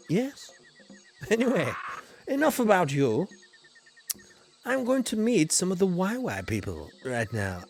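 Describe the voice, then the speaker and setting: A playful Yorkshire man commentating a game on a livestream, putting on mock-posh airs. His voice sits slightly high and swoops widely, jumping from loud greetings to low mumbles. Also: sing-song, a little slow. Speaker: streamer.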